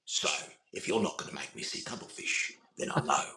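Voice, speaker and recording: A man doing an impression of a sly, scheming film arms dealer in a hushed, half-whispered drawl. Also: a bass voice, lively intonation, a little fast, voice pushed down, heavily acted.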